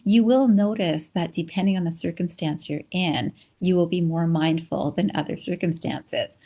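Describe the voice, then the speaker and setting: A woman's voice: lowish voice, normal speed, warm tone. A woman giving an encouraging webinar lecture, often checking in with "right?". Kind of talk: conversational lecture.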